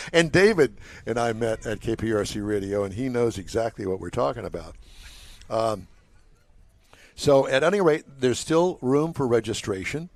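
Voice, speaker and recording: A man's voice: medium pitch, animated, moderate pace, dry recording. An older man hosting a live talk show from a car show, chatty and joking with his co-hosts. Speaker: host. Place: outdoor waterfront car show.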